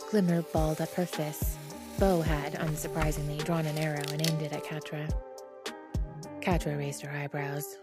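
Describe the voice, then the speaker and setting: A woman with a low voice reads a story aloud in a steady, measured way. Music plays clearly beneath her narration. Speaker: podfic reader. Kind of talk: reading fan fiction aloud. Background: background music.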